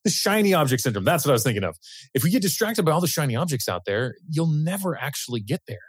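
A man's voice: a little high, big pitch swings, fast, slightly rough, no room sound. A man who is a financial planner, speaking as an interview guest, thoughtful and sometimes searching for words. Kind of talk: casual interview chat.

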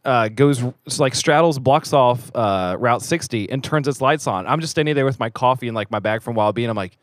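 A man's voice: medium pitch, a little fast, no echo. A man co-hosting a casual podcast, joking and playful, rambling from one thought to the next. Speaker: podcast co-host. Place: small studio room in a theater.

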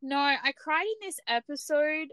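A woman's voice: high-pitched, measured pace, background noise. A woman co-hosting a podcast in casual chat, chatty and restarting often as she acts out her own reactions. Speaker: podcast co-host.

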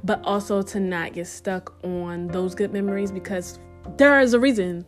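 A young woman hosts her own podcast in a loose, chatty monologue, with a voice of middling pitch. She breaks off with playful asides and hammers home her advice by saying it again. Soft music plays quietly underneath. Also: fairly even intonation, normal speed. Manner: emphatic, repeats advice for stress. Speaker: podcast host. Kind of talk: casual reflective monologue.

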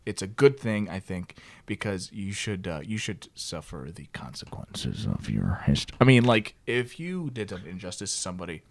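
A young man co-hosting a casual podcast, telling stories in a lively but halting way with many restarts. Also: low-pitched, a little hiss or hum. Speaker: podcast co-host. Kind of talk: casual storytelling chat.

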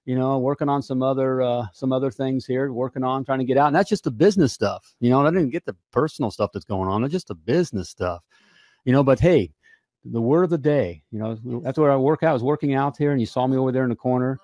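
Talking fast in a darkish mid-range voice, this American podcast host keeps his live show chat upbeat and folksy. He repeats himself a lot, and the recording has no echo.

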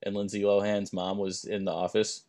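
A young man co-hosting a podcast, telling rambling anecdotes and dropping deadpan jokes in casual chat. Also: fairly low pitch, moderate pace. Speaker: podcast co-host.

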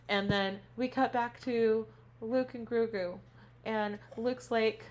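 This woman's mid-range voice is unhurried and fairly even in intonation. A teacher by profession, she co-hosts a casual podcast where she lively recaps a show, performs the characters' lines, and swears freely.

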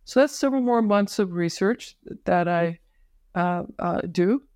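A woman physician telling her personal story as a podcast guest, halting, with many fillers and restarts. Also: lowish voice, lively intonation, a little mellow, smooth, no room sound, studio quality. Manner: emotional at moments. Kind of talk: personal story told in an interview.

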